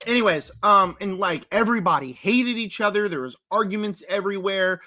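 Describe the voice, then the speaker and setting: A young man chats through his horror movie rankings in a loose, rambling vlog style, piling on fillers and stressing his points hard. His voice is bright and a touch high, and it cracks now and then as he clears his throat. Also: unhurried. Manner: rambling, filler-heavy, emphatic. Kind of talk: casual vlog commentary.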